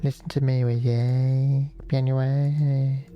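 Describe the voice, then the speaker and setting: A man's voice: medium pitch, level tone, slow pace, lo-fi sound, soft background music, lightly acted. A man voicing a surly, suspicious village man who warns curtly. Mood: menacing. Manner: curt, threatening.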